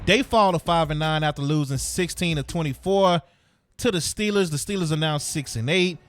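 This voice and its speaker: A man's voice: a little high, normal speed. A man hosting a sports podcast, ranting heatedly in casual slang. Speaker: podcast host.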